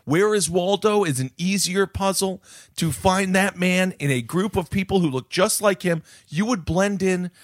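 A man's voice: sits high, normal speed, no room sound, studio quality. A man co-hosting a casual comedy chat, telling rambling stories and acting out what others said. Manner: rambling storyteller, acts out quotes. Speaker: podcast co-host. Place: traveling abroad.

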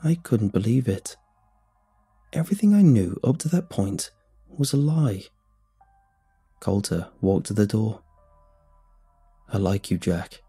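Husky low-voiced male horror narrator. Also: very animated, a little slow, long pauses, warm tone. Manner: tense, dramatic storytelling. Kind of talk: first-person horror story narration. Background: faint music.

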